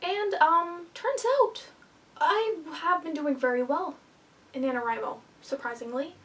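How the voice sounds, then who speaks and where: Young woman, high voice, kinda breathless and nervous, rambly vlog chat, mic sits a bit far off. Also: measured pace, a bit bright. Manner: nervous, rambling, self-deprecating, with filler words. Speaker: vlogger. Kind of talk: casual vlog talk to camera.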